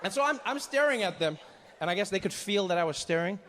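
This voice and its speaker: Man, stand-up comedian, fairly high voice, animated storytelling, faint background noise. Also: fast talker.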